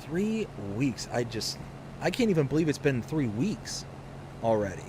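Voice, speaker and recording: A young adult man chatting casually on a live game stream, rambling in a relaxed, fond way with lots of fillers. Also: medium pitch, unhurried, background noise. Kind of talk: casual live-stream chat while playing.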